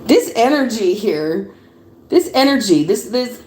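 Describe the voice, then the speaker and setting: A woman giving a casual livestream tarot reading, chatty and animated, laughing often and swearing casually. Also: a little high, unhurried. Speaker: tarot reader. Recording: roomy echo.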